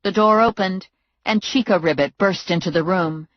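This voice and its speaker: A woman with a low voice reads a first-person audiobook in a brisk, wry manner. The sound is close and dry. The recording is slightly muffled. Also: no room sound. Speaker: audiobook narrator.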